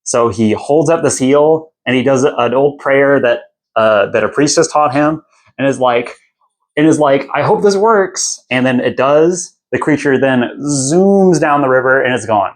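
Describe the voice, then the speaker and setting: A young man hosts a podcast, summarizing a fantasy book in a loose and irreverent way. His voice sits at an ordinary middle pitch. He rambles through fillers and restarts. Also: unhurried. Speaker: podcast host. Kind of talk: casual book recap.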